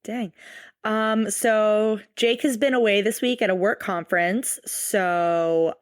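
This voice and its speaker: Woman, podcast co-host, playful and emphatic banter, medium pitch, dry close-mic sound. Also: steady tone, clear, resonant tone, no echo. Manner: playful, emphatic, quick to laugh. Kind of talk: casual podcast chat.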